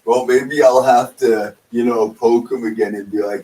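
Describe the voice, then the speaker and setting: A man's voice: mid-range voice, fairly even intonation, moderate pace, few pauses, dark tone, distant mic, slight background noise, low-quality recording. A man hosting a live podcast stream, laid-back and agreeable with casual profanity. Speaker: podcast host.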